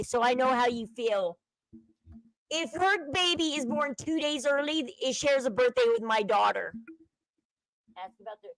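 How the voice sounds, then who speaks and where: A woman hosts a casual livestream, chatting with viewers, sharing strong opinions, and reading the chat aloud. Her voice is a little high, with no room sound but poor audio.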